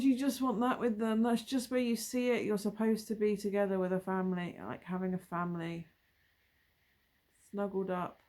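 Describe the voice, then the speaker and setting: A woman's voice: medium pitch, flat delivery, moderate pace, darkish tone. A woman doing a casual tarot reading, musing and thinking aloud as she turns over cards, with trailing asides. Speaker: tarot reader.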